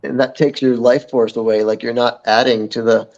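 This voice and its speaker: A man speaks as an interview guest in a reflective, unhurried way, thinking out loud with plenty of fillers. His voice has a gravelly, creaky edge and sits mid-range for a man. The audio comes through dull and lo-fi. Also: mid-range voice, fairly even intonation. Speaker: podcast guest. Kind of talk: casual interview chat.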